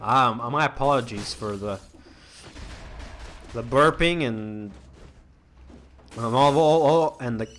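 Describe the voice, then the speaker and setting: A man's voice: mid-range voice, takes it slowly, pauses often, a bit bright, a little hiss or hum. A young man hosting a let's-play, chatting casually as he plays, rambling with lots of restarts and fillers. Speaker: gaming channel host.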